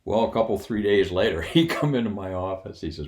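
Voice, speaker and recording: An older man spins his old service stories in a low-pitched voice that swings widely up and down. His delivery is folksy and animated, with a wry humor running through it. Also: a little fast, hardly any pauses. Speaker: retired Air Force officer telling stories. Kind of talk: casual personal anecdote.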